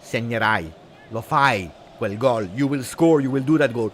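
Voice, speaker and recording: A man commenting live on a football match, switching between muttered play-by-play and shouting at big moments. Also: medium pitch, normal speed, a little hiss or hum. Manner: excitable, shouts at big moments, drops Italian words. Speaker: football fan streamer.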